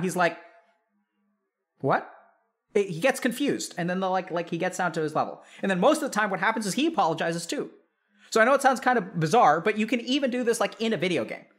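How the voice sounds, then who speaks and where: A man, a psychiatrist, explaining in casual chat to a live audience, animated and full of filler words. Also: high-pitched, quick pace. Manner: animated, filler-heavy, addresses audience directly. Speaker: psychiatrist and streamer host.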